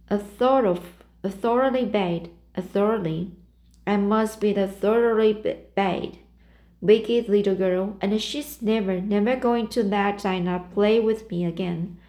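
A woman's voice: medium pitch, unhurried, warm tone, natural voice. A woman voicing a tearful, dramatic young girl as she reads a storybook aloud, stumbling over some words. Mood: woeful. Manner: sobbing out a tale of woe, stumbling over words.

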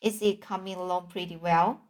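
A woman's voice: fairly low pitch, fairly even intonation, normal speed, lightly acted. A woman voicing a timid young male pig in a storybook, anxious and pleading.

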